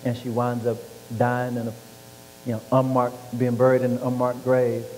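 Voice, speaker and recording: A man telling stories from his life in an interview, lively and acting out the voices of people he quotes. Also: medium pitch, normal speed. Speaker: author and former football player. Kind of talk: storytelling interview. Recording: reverberant hall with faint hum.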